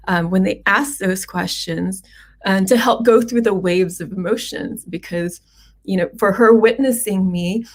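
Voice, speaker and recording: A middle-aged woman physician hosting a livestream, talking in a gentle, unhurried and reflective way with many pauses. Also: mid-range voice.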